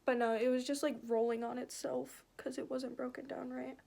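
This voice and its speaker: Here a young woman chats as she applies makeup, retelling a story in a lively way and swearing plenty. She speaks at a normal speed in a high-pitched, gravelly voice.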